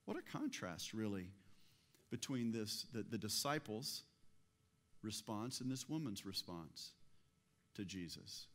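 A man's voice: medium pitch, animated, a little slow, a bit bright. A man preaching a sermon in a conversational way, often asking the listeners rhetorical questions. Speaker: pastor.

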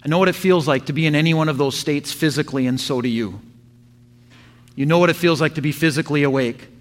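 A man preaching a sermon to his church, telling a story with animated sound effects. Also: on the high side, quick pace. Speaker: pastor.

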